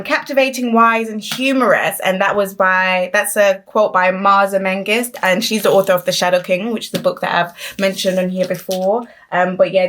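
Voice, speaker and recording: A young woman talks her way through a pile of new books at home, full of ums, half-finished phrases and quick corrections. Her voice sits in an ordinary middle pitch, with a faint hiss of noise behind it. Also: fairly bright tone. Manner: chatty, trailing off with frequent ums and self-corrections. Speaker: book vlogger. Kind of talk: casual unboxing vlog.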